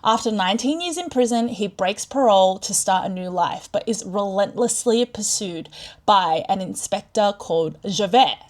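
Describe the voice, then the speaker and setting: A woman's voice: medium pitch, expressive, moderate pace. A young woman vlogging in a chatty, rambling way, gushing and laughing often, on a close mic. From Australia. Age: young adult. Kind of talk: chatty vlog talk.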